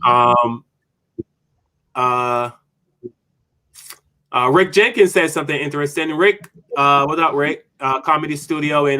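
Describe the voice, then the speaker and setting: A man hosting a casual panel discussion, animated and reading viewer comments aloud. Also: mid-range voice, no echo, rough recording. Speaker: show host.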